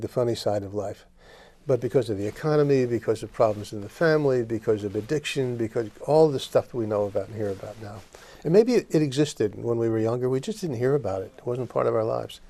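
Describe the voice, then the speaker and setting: A man's voice: mid-range voice, warm tone. A man hosting a studio interview, asking earnest, searching questions while stumbling over his words. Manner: earnest, halting, many restarts. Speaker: talk show host.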